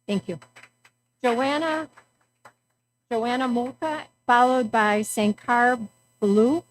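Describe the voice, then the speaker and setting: Slow woman chair calling speakers. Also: fairly high pitch, low-quality recording. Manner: slow, deliberate name calling. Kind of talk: procedural announcements.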